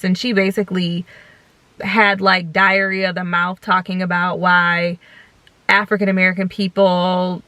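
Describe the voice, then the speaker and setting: Woman, young adult, vlogger, heartfelt direct talk, bright tone, dry close sound. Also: medium pitch, no echo. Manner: earnest, heartfelt, talks directly to viewers. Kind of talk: casual chat to camera. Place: parked car.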